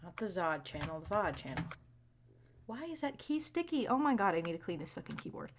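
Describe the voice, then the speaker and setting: A woman's voice: on the low side, sing-song, fairly quick, noisy background. Flustered young woman streamer muttering. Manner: flustered and self-mocking, swears, drops into muttered whispers. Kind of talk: casual live-stream chat.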